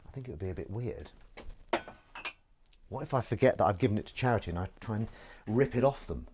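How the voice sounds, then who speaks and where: A man with a fairly low voice talks casually and jokily while he does the dishes at home. Plates, pots and cutlery clatter clearly behind him. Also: animated, quick pace, background noise. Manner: chatty, self-aware, jokey. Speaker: live-stream host. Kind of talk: casual rambling monologue. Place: home kitchen at the sink.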